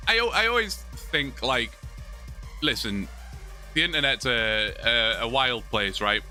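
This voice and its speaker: A man's voice: medium pitch, lively intonation, measured pace, sharp tone, soft background music. A British man from England, chatting casually and joking with viewers during a live gaming stream. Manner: chatty, joking, many restarts.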